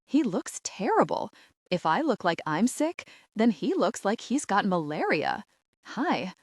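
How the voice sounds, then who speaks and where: A woman narrating a romantic comedy audiobook in the first person, animated and exasperated. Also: medium pitch, unhurried, dry recording, studio quality.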